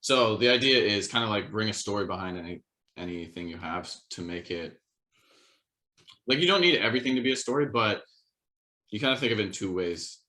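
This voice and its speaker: Young man, podcast co-host, lowish voice, bright tone, casual rambling chat. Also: animated, a little fast. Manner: rambling, hesitant, lots of fillers.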